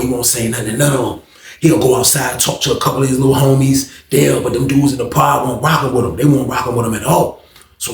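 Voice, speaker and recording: A man telling a prison street story in a casual, animated way, acting out the voices and sound effects. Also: medium pitch, reverberant.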